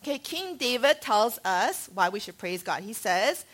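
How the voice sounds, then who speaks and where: A woman's voice: fairly high pitch, sing-song, normal speed, fairly bright tone. A woman in her thirties preaching a sermon, telling stories with animation and quizzing her congregation. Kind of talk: sermon to a church family.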